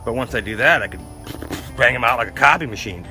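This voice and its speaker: Man from Florida, artist, interview storytelling, rapid talk, animated quoting of others. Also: medium pitch, over music. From Florida, USA. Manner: animated, acts out other people's lines.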